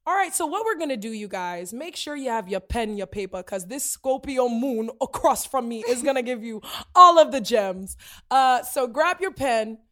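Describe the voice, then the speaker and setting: A woman hosting a casual podcast chat, animated and laughing often, slipping into playful character voices. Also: fairly high pitch, normal speed. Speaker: podcast host.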